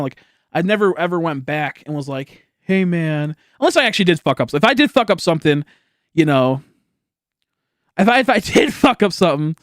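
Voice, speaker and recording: A man's voice: on the high side, dry recording, clean studio sound. A young man streaming, telling a story in a rambling, casual way with lots of swearing and laughter. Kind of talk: casual livestream chat.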